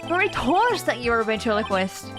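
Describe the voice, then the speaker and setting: A woman's voice: fairly high pitch, very animated, fast. A woman reading the lines of an earnest young male defense attorney in a level, questioning way. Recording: game music behind.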